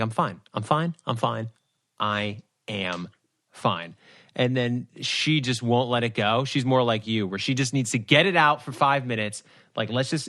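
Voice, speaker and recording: A man's voice: medium pitch, bright, forceful tone. A man co-hosting a podcast, chatting and joking over a video call. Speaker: podcast co-host. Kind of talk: casual chat on a video call.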